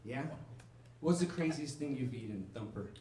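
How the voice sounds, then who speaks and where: A man's voice: mid-range voice, lively intonation, normal speed. A male stand-up comedian rambling through a profane, laughing set and talking to the crowd. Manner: talks to the crowd. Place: comedy club stage. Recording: echoey room recorded from a distance.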